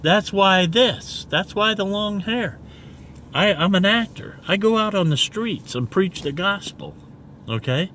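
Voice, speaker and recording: A man preaching casually in a video, rambling and repeating "okay?" after each point and spelling words out slowly. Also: high-pitched, expressive, sharp tone, slight background noise. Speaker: self-made online preacher.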